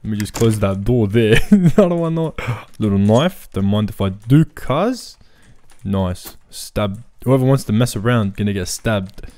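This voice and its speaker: A young man giving casual, excitable gameplay commentary full of slang. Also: fairly low pitch, unhurried. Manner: excitable, slangy, says "bro" constantly. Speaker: gaming video creator.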